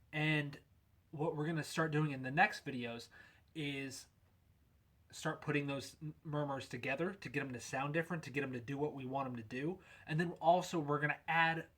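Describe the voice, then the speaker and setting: A man explaining goose calling technique in a relaxed, conversational instructional video. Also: a little high. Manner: relaxed, conversational, lots of "we're gonna".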